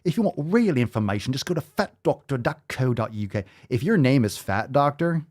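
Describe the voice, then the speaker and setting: A man's voice: medium pitch, very animated, a little fast, a little mellow. A man hosting a show, talking in casual, profane, rambling commentary with a sarcastic, exasperated edge. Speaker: show host. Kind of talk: livestream commentary.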